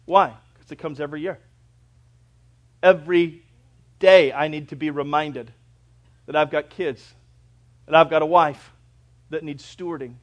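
A middle-aged male pastor preaching a sermon, with a preacherly delivery that swings from loud emphatic lines to low quiet drops, and that stretches out scripture quotes slowly. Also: fairly even intonation.

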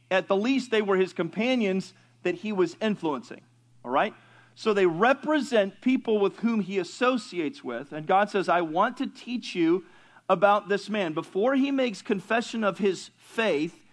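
A pastor teaching a Bible class in a conversational sermon style, asking his listeners questions and joking with them. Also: sits high.

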